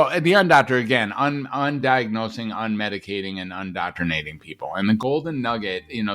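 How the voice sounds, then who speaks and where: A male psychiatrist appears as a guest in a podcast interview, speaking emphatically and rhetorically, repeating phrases for effect. His voice is low and a bit bright.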